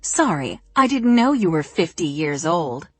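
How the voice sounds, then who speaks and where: A woman narrator voicing an eager young college woman, lively and upbeat. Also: lowish voice, a little slow, breathy edge, no room sound, full character voice.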